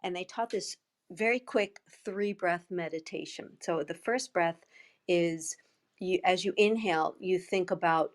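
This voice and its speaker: A woman's voice: on the low side, steady tone, measured pace. A woman speaking as a guest in an audio chat room, thoughtful and telling stories from her own work. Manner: thoughtful, storytelling.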